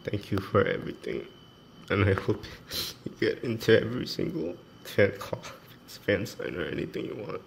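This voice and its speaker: Guy w a low gravelly voice reading farewell notes, getting teary, faint room noise behind. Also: lively intonation, normal speed. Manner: reads notes aloud, mixes Korean and English, laughs often. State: emotional, teary. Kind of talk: casual chat.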